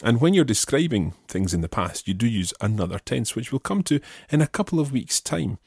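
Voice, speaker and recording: A man's voice: mid-range voice, very animated, brisk, vocal fry, a little mellow, breathy edge, no echo, clean studio sound. A man teaching a Spanish lesson, patiently explaining step by step and prompting his student. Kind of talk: spoken language lesson.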